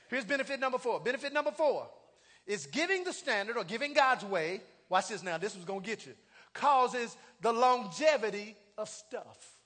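A man pastor preaching a sermon in a church, leading call-and-response and rising to shouts. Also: very high-pitched, big pitch swings, moderate pace. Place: church sanctuary. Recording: long hall reverb.

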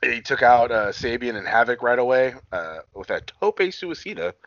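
A man's voice: mid-range voice, lively intonation, normal speed, fairly bright tone, dry recording, highs cut off. A man chatting casually as a co-host, rambling with lots of fillers, restarts and swearing. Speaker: podcast co-host recapping wrestling. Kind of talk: casual chat.

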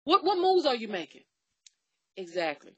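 A woman's voice: on the high side, moderate pace, husky, no echo, highs cut off. A middle-aged woman in casual chat, talking bluntly and telling stories with lots of profanity. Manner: blunt, profane, animated storytelling.

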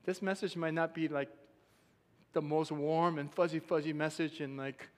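A pastor's somewhat high voice echoes through a long hall reverb as he gives his sermon in a church sanctuary. He speaks at normal speed, frequently laughing and acting out the quotes in his stories.

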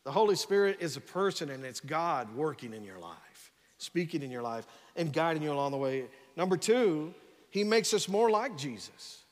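A pastor preaching, his voice notably high for a man, with a long echo from a large church sanctuary. He talks with energy, keeps urging the crowd on and stumbles over repeated words as he pushes ahead. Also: moderate pace. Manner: energetic preaching with frequent "come on" and repeated restarts. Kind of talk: sermon.

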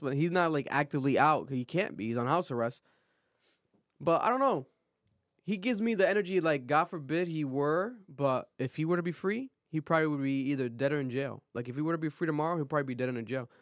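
A man co-hosting a casual podcast, pitched a little above the usual. He talks in an animated, opinionated way, full of "like" and "you know". The sound is close and dry. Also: dry recording. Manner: animated, opinionated, heavy filler words. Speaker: podcast co-host. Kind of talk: casual chat.

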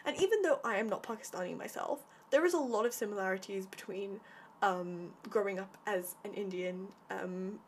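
A woman's voice: mid-range voice, moderate pace. Young woman, casual vlogger energy, eager and rambling, mid-range voice, faint background hiss. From Britain. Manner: enthusiastic, chatty, heavy use of "like" and "um". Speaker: vlogger reviewing a TV series. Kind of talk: casual spoken review.

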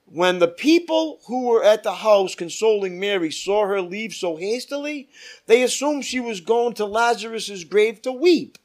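A man leading a Bible study as pastor, reading scripture aloud with emphatic rises and dropping to quiet asides. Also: high-pitched, expressive, unhurried.

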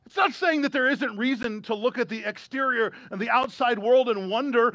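A man's voice: very high-pitched, moderate pace, few pauses, fairly bright tone, no echo. A male American pastor preaching a sermon in a conversational way, with humorous asides, during a streamed church service. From United States.

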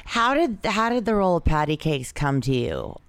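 Woman podcast host, eager interviewer; clear voice, dry close mic. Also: deep voice, very animated, dry recording. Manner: enthusiastic, reacts with quick affirmations. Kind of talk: interviewing a guest.

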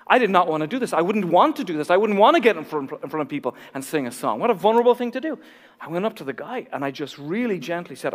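An Irish man in his forties, a pastor telling his own story in a sermon with animated, self-deprecating humor. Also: a little high, big-room sound. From Ireland.

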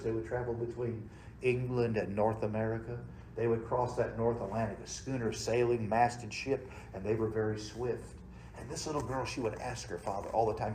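A man preaches in a church with a folksy, dramatic manner, swinging from loud emphasis down to near-whispers. His voice sits at an ordinary pitch. The room is roomy and echoing, with a faint hum of ambience behind him. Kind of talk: sermon. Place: church sanctuary.

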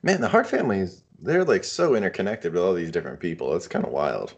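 A man's voice: low-pitched, very animated, fast, vocal fry, slightly rough, muffled recording. A man co-hosting a casual podcast, rambling and trailing off unsure of his point. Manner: rambling and unsure, often trailing off with "I don't know". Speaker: podcast co-host. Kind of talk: casual chat.

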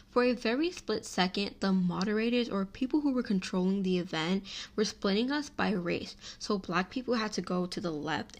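A young woman hosts her own podcast and tells a long story in a relaxed, chatty voice. She talks in an animated, conversational way, filling her sentences with "like" and quick laughs. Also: medium pitch, vocal fry. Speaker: podcast host. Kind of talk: casual solo podcast storytelling.

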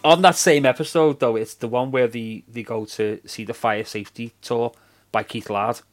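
A man's voice: medium pitch, fairly even intonation, moderate pace, faint music behind. A man, chatting casually as a podcast co-host, laughing a lot and acting out quoted lines. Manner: enthusiastic, laughing storyteller. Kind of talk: casual chat.

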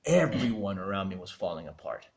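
A young man telling a personal story as a guest in an interview, animated and laughing, acting out quoted dialogue. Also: deep voice, brisk, gravelly.

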